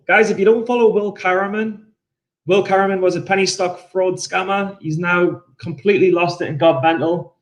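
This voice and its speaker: A day-trading livestreamer chats casually while drinking whiskey, rambling, joking, and swearing. His voice is high and steady at a moderate pace, and the recording has a roomy echo.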